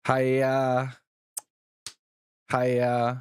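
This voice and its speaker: A man's voice: mid-range voice, monotone, very slow, clean tone, no echo. A man livestreaming and answering chat in a blunt, profane, teasing way.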